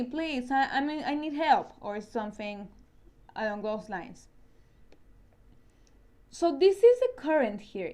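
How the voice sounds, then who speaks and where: A woman's voice: on the high side, warm tone. Woman science teacher with a Spanish accent. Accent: Spanish-speaking. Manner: explains step by step, often repeats and restarts words. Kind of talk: recorded online science lesson.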